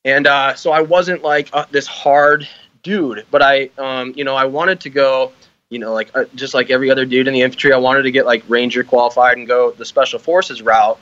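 A man's voice: medium pitch, steady tone, a little fast, fairly bright tone, no room sound, highs cut off. A man who is an army veteran, a guest on a casual podcast, laughing often and talking with lots of fillers and swearing. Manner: laughing, profane, filler-heavy.

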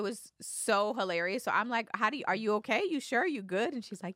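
Animated, slangy woman podcast host. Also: medium pitch, brisk, hardly any pauses, no echo, studio quality. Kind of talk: casual chat.

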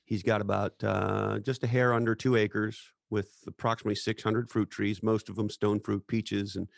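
A man's voice: fairly low pitch, little pitch movement, normal speed, vocal fry, no room sound, clean studio sound. A middle-aged man speaking as a podcast guest, telling personal stories in an earnest, reflective way. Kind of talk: casual chat.

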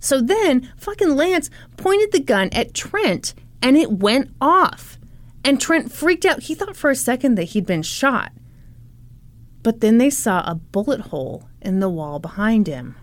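A woman's voice: high voice, very animated, unhurried. A woman co-hosting a podcast, telling a true-crime story casually with sarcastic, laughing asides and swearing.

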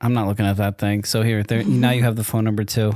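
A man co-hosting a podcast in casual chat, quick to get fired up. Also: on the low side, no echo. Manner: excitable, gets fired up. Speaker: podcast co-host.

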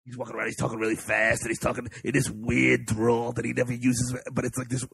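A man's voice: medium pitch, completely flat delivery, fast, vocal fry, fairly bright tone, breathy edge, no room sound. A man co-hosting a casual film review podcast, sarcastic and swearing freely. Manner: sarcastic, profane, laughing. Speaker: podcast co-host.

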